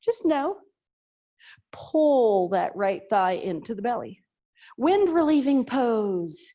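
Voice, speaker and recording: A woman's voice: a little high, sing-song, slow, mellow, dull audio. A woman teaching a chair yoga class over a video call, giving breathing and posture cues with chatty, joking asides. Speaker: yoga instructor.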